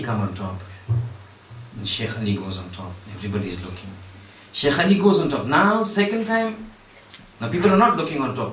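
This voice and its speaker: Echoey, animated male preacher. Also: medium pitch, a little hiss or hum. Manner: acts out dialogue, shifts voice for characters, emphatic and rhetorical. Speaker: Shia cleric giving a Muharram lecture. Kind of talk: sermon with storytelling. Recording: echoey hall, voice from a distance.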